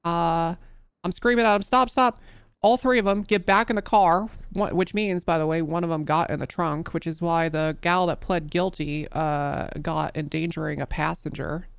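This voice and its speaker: A woman's voice: low-pitched, fairly even intonation, moderate pace, vocal fry, clear, resonant tone, no echo, studio quality. A woman testifying in character as an undersheriff during a role-play court case, telling her account in a loose, rambling way full of restarts and fillers.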